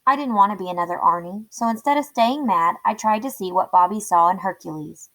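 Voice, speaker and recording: A woman reading a children's chapter book aloud in a clear, steady storytelling voice. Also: medium pitch, brisk, rough recording.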